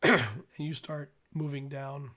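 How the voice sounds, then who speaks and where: A man narrating as game master, describing scenes in a loose, halting way with restarts. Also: on the high side, fairly even intonation, bright, forceful tone.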